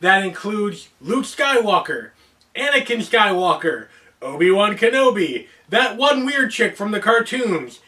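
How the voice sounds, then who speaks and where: An American man hosts a casual explainer video in a playful, joking manner. His voice sits high and bright. The mic is placed a little away from him. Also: sing-song, measured pace, distant mic. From United States (Oregon). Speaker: host.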